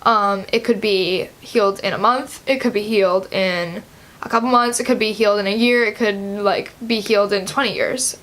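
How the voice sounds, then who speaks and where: A woman's voice: mid-range voice, fairly even intonation, normal speed, a bit bright. A teenage girl of about seventeen vlogging a personal story, chatty and loose, with many "like" and "um" fillers. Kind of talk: casual personal story to camera.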